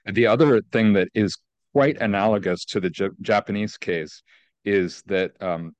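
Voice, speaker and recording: A man answering as an energy research guest, measured and careful, qualifying his points with frequent hesitations. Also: lowish voice, no echo. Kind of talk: expert interview answers.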